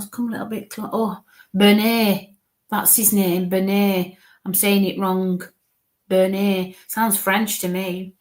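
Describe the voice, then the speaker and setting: Halting psychic medium woman, live reading. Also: medium pitch, a little mellow. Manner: halting, breaks off to coax spirits under her breath. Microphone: live stream mic.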